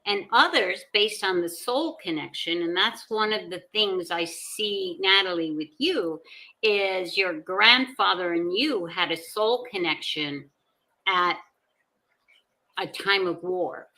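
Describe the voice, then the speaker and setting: A woman speaking as a guest on a conversational podcast, explaining her views with calm assurance. Her tone is bright and forward, at a mid pitch for a woman. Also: slow pace, poor audio.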